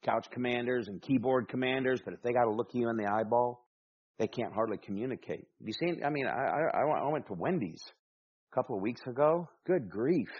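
A man's voice: mid-range voice, animated, a little fast, breathy edge, dull audio. A man with a Southern American accent preaching a sermon, folksy, with rhetorical questions and humorous asides. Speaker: pastor.

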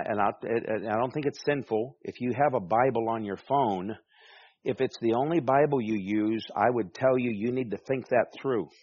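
A man's voice: lowish voice, dry recording, lo-fi sound. A man preaching a sermon as pastor, emphatic, with rhetorical questions and calls for amen.

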